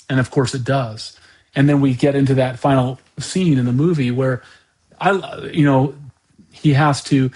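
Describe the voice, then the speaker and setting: A man hosting a podcast, talking through an unscripted monologue in a halting way, often repeating words and restarting his sentences. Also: medium pitch, darkish tone. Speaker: podcast host.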